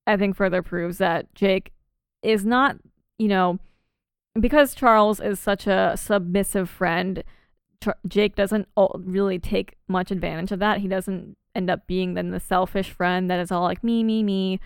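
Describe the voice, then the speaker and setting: Chatty woman with a smooth, dry voice. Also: medium pitch, steady tone, unhurried, no room sound. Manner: chatty, laughs often, many fillers and restarts. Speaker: podcast co-host. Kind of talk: casual chat.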